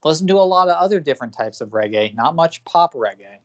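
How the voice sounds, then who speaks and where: A man's voice: fairly high pitch, animated, fast, dull audio. A man with an American accent co-hosting a podcast, giving opinionated, rambling music reviews with restarts and swearing. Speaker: podcast co-host. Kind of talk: casual music review chat.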